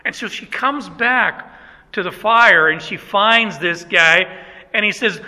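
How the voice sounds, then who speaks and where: A male pastor preaches in a folksy, self-deprecating way, stopping to restart his phrases. His voice sits high and sounds very bright. The words carry a long echo through a church hall. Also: slow. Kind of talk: sermon. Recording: echoey hall.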